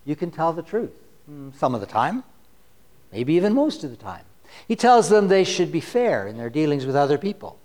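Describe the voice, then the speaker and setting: A man's voice: a little high, big pitch swings, normal speed, a little mellow. A man preaching a sermon, conversational and wry, reading scripture passages with rising force. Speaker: pastor.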